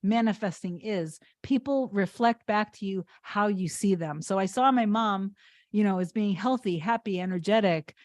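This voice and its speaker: A woman's voice: medium pitch, moderate pace, dry recording. Woman coach, live Q&A, earnest and openly emotional, dry close sound. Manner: earnest, reads viewer comments aloud; emotional, warm-hearted. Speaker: manifestation coach. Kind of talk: live-stream Q&A chat.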